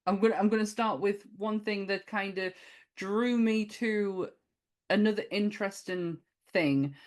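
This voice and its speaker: A woman's voice: mid-range voice, a little slow. A woman co-hosting a casual film podcast, chatty, laughing often and swearing freely. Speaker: podcast co-host.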